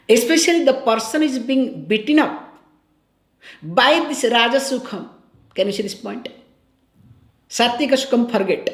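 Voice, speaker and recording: A woman's voice: sits high, roomy sound. A woman giving a spiritual discourse on scripture in a conversational way, often checking in with her listeners and repeating key phrases. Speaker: spiritual teacher.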